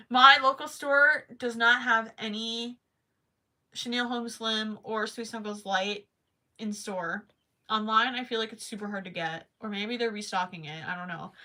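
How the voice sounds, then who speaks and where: A young woman with a bright, slightly high voice chats on a home crochet livestream. She is talkative and giggly, reads viewer comments aloud and murmurs her stitch counts as she works. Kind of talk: casual livestream chat while crocheting.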